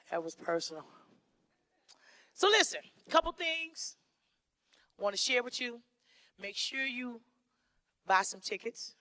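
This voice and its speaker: A Detroit woman hosts a comedy benefit from a theater stage. Her voice is bright, and the sound is dry and close. She teases the crowd and builds to loud hype. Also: medium pitch, dry recording. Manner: playful, rising to loud hype. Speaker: comedy show host. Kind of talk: stand-up hosting, audience hype.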